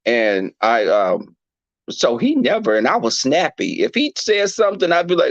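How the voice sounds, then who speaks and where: Gravelly-voiced man telling a blunt story. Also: a little high, moderate pace, dry recording, muffled recording. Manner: blunt, animated, profane. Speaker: podcast host. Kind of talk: candid casual storytelling.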